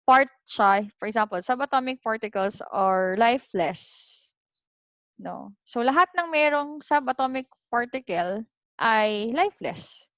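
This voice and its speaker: Woman, Filipino accent, teacher, online lecture, chatty, higher voice, dry close sound. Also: no room sound. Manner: mixes English and Tagalog, chatty, asks "okay?" often.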